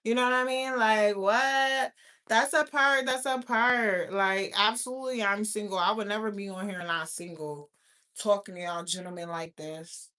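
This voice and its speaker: A woman's voice: medium pitch, steady tone, moderate pace, bright, forceful tone. A young adult woman hosting her own channel, talking brashly and with lots of profanity, laughing often. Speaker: YouTube host. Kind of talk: casual livestream chat.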